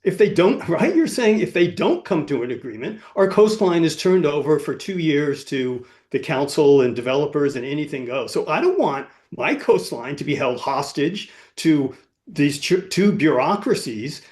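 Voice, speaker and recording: A man's voice: on the high side, sing-song, normal speed, darkish tone. A man giving an earnest, firm public comment as a club member at a meeting. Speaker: club member asking a question.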